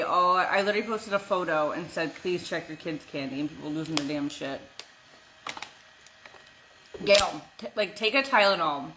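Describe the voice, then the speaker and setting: Answering viewers by name on a home live stream, a young woman from the United States speaks bluntly and curses freely. Her voice is mid-range with a sharp tone, and there's slight background noise.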